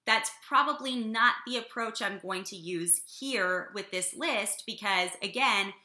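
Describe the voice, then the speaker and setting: A woman giving an energetic business coaching talk to her team, often checking in with "okay?". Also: medium pitch, a little slow. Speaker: business trainer. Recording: echoey room.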